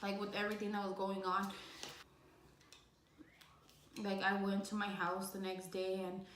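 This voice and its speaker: A woman's voice: mid-range voice, monotone, unhurried, fairly bright tone, reverberant, low-quality recording. A young woman vlogger telling her own story in a casual, rambling way, leaning on "like," emotional and close to tears at times. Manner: rambling, heavy use of "like".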